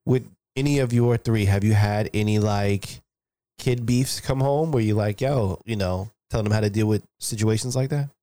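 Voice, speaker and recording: A man co-hosting a casual podcast, animated and laughing often as he asks the others questions. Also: lowish voice, moderate pace, no room sound, studio quality. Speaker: podcast co-host.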